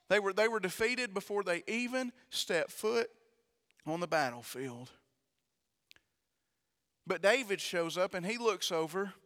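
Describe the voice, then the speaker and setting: High, bright-voiced preacher in a big hall. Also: male voice. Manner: reads scripture aloud, builds to fervent preaching. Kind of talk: sermon. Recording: long reverb of a large hall.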